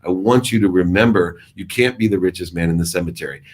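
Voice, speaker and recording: A middle-aged man with a very low, husky voice tells his own life story. He talks with emphasis, rising to loud bursts and dropping into hushed asides, and plays out the exchanges he quotes. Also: fast, few pauses. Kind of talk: personal storytelling talk.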